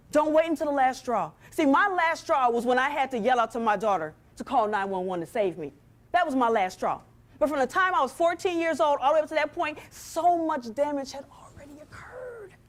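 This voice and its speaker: Lively woman giving an inspirational stage talk. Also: high voice. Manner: lively, preacher-like cadence, talks to the audience. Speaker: motivational speaker. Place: stage before an audience.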